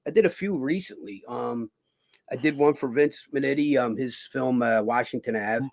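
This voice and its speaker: A middle-aged man with a gravelly, creaky voice, talking as an interview guest. He rambles through his stories full of fillers, restarts and casual swearing, at a middle pitch. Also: moderate pace, a little mellow. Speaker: guest, actor and former boxer.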